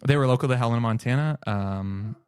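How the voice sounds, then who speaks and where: A man chatting as a podcast guest, an animated storyteller who laughs often. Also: mid-range voice, fast talker, a little hiss or hum. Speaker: podcast guest, improv comedian. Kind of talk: casual podcast chat.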